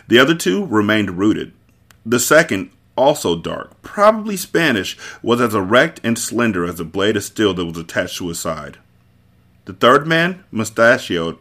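A man hosting a podcast, reading a novel aloud with expressive, theatrical storytelling. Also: medium pitch. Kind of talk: dramatic read-aloud narration.

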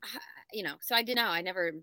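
Bright-toned, giggly young woman, panel guest. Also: medium pitch, fast talker, no room sound. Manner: bubbly, laughing, self-described nerd. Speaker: voice actor guest. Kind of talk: casual panel chat.

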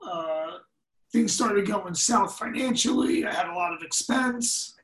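Here a man's high voice moves at a measured pace while he tells laughing, profane stories as a guest on a podcast. He sounds animated and loose, and the echoey room leaves him far from the mic.

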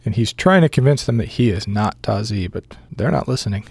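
A man running a tabletop game as game master, narrating scenes in a measured way with filler pauses. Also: on the low side, lively intonation, gravelly, darkish tone, slightly rough, dry recording.

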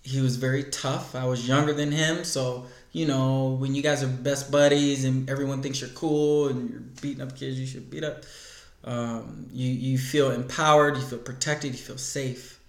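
A man with a gravelly, fry-edged voice recounts his life story as a guest, earnest and involved. His voice bounces around an echoey room. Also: mid-range voice, steady tone, normal speed. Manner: earnest storytelling, acts out past conversations. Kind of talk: personal testimony in conversation.

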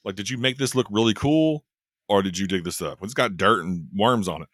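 A man co-hosting a casual chat, talking in a joking, wry way with quick asides. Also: fairly low pitch, a bit bright, no room sound, studio quality. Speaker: podcast co-host.

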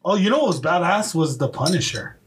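A man co-hosting a podcast, excitable and quick to laugh in casual chat. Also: on the high side, a little hiss or hum. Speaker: podcast co-host.

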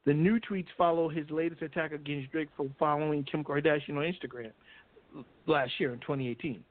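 Blunt radio host guy, kinda high voice, sounds like a phone call. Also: steady tone, a little fast. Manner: blunt, reads news items with frequent restarts. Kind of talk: casual entertainment news chat. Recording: phone-like line.

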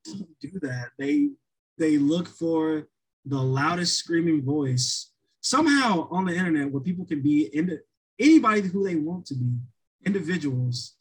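A man's voice: on the high side, sing-song, normal speed, slightly rough, rough recording. A man co-hosting a podcast in casual chat, rambling with many restarts and fillers.

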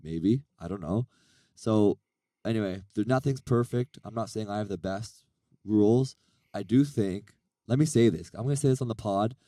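Raspy low-voiced man, casual podcast host. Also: moderate pace, warm tone, dry recording. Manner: rambling, self-deprecating, earnest. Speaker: podcast co-host and league organizer.

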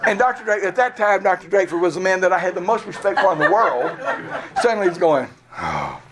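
A man's voice: high-pitched, fast talker, heavy background noise. A man from Georgia, preaching a sermon through a candid personal story and chuckling at himself. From Georgia, USA. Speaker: pastor.

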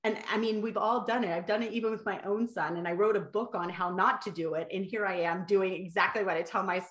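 A middle-aged woman speaking as a guest in an interview, animated and lively as she tells stories. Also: medium pitch, quick pace. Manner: animated, acts out quotes. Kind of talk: podcast interview conversation. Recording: roomy echo.

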